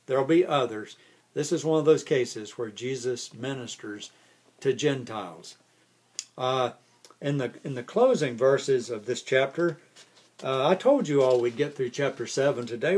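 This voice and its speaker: A man's voice: medium pitch, a little mellow. Chatty pastor man teaching scripture. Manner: conversational, restarts words often with many uh fillers. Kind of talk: casual Bible study teaching.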